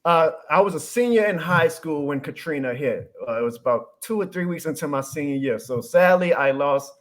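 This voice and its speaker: His voice on the high side and his pace normal, a thirty-something New Orleans man with a strong accent from that city guests on a casual podcast. The content creator tells stories animatedly, staying upbeat and earnest.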